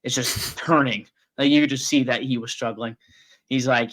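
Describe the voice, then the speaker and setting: A young man co-hosting a casual sports podcast, telling a story with excitement and quoting himself and his friend. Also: mid-range voice, moderate pace. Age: young adult. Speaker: podcast co-host.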